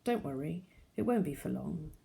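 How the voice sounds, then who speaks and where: Worn-out tearful mum in a storybook read by a woman, low creaky voice. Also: animated, normal speed, warm tone, full character voice. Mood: tender. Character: worn-out mother, tearful and upset.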